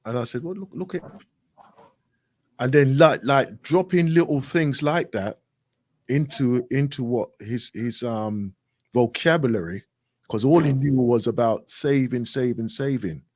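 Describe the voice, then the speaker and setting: A man tells a story in a loose, chatty way. He acts out both sides of an old conversation and keeps checking in with "right?". His mid-pitched voice sounds dry and close. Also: a little slow, a little mellow, dry recording. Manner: repetitive, frequent "right?" and "I goes". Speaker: radio show guest. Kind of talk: casual storytelling.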